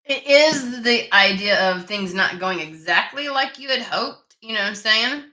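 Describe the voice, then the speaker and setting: Bright-voiced woman, casual and profane. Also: medium pitch, animated, unhurried. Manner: profane, irritated, rambling. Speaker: tarot reader channel host. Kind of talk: casual chat to camera. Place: home room with desk and window. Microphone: camera mic.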